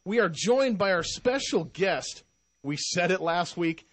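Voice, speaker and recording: Energetic guy hosting a call-in radio show, jokey, dry studio mic. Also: high voice, dry recording. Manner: upbeat, jokey, quick banter. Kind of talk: live call-in radio talk.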